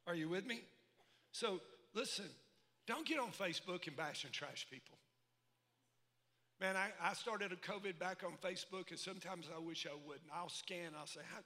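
High, bright-voiced preacher in a hall. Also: male voice. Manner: animated, folksy preaching with call-and-response asides. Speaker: pastor. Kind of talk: sermon. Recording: echoey hall reverb.

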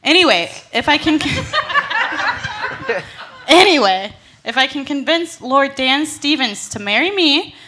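A woman's voice: high voice, big pitch swings, slow, pauses often, very noisy, heavily acted. A woman playing a scheming young maid, breezy and giggly, in a comedy audio skit.

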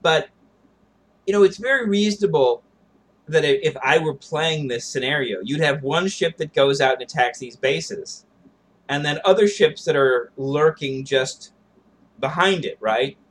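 A man's voice: fairly high pitch, measured pace, fairly bright tone. A man co-hosting a podcast, talking through ideas in a thoughtful, digressive way. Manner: thoughtful and digressive, musing on tactics and history. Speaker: podcast co-host. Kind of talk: casual discussion.

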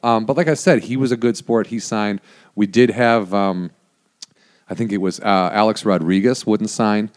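This former prank show producer, appearing as a guest, has a lowish, slightly mellow voice and speaks at a moderate pace with fairly even intonation. His casual behind-the-scenes stories ramble along, thick with "like" fillers and frequent swearing.

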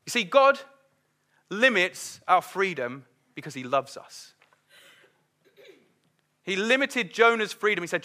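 Middle-aged man, sermon, conversational, acts out quotes; high, bright voice. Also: sing-song, a little slow, pauses often. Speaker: preacher.

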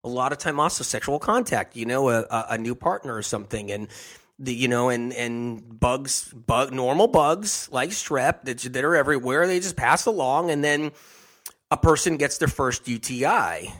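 A man talking at a middle pitch through a loose, unscripted health monologue. He rambles, circles back to the same phrases and chuckles at his own tangents. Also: animated, normal speed, a bit bright. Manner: rambling, repeats phrases, laughs at himself. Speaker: health talk host.

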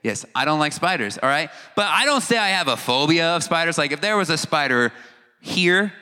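Bright-voiced joking man, hall reverb. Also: a little high, expressive, brisk. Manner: joking, acts out reactions, stumbles over long words. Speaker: youth speaker. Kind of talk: casual talk to a teen audience.

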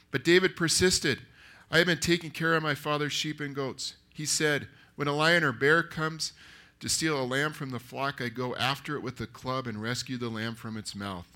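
A man preaching a sermon that retells a story, lively and acting out the characters' lines. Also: mid-range voice, moderate pace. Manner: animated, acts out the characters. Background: live audience.

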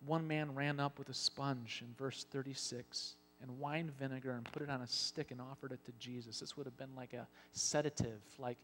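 A man preaching a sermon as pastor, telling Bible scenes with lively acted-out lines. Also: medium pitch, moderate pace, hardly any pauses, a little hiss or hum. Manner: animated storytelling, acting out Bible scenes. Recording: long hall reverb.

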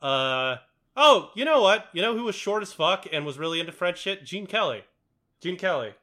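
A man's voice: high-pitched, sing-song, normal speed, bright, forceful tone. A young man chatting casually about a movie, rambling with lots of fillers and swearing. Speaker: podcast co-host.

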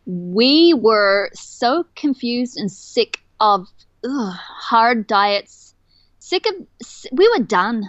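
Lively woman on a dull line. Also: a little high, extremely slow, dry recording. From Australia. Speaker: guest, company co-founder.

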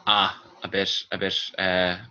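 A man's voice: low voice, monotone, unhurried, sharp tone, a little hiss or hum. A man hosting a casual podcast chat, joking and restarting his sentences. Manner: chatty, jokey, with restarts. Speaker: podcast host. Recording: dull lo-fi sound.

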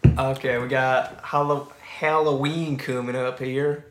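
A man's voice: medium pitch, flat delivery, slow, background noise. Laid-back young man in an echoey room. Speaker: podcast co-host. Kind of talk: casual chat.

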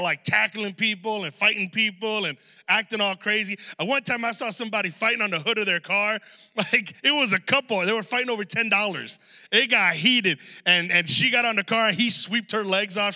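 Male preacher, high and very bright voice, animated conversational sermon, long hall reverb. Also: a little fast. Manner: conversational, animated storytelling with asides. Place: large hall.

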